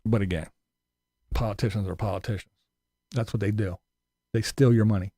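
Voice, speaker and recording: A man's voice: lowish voice, fairly even intonation, a little fast, warm tone, no echo. A man ranting profanely on a casual live stream, sarcastic and mocking. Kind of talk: casual livestream rant.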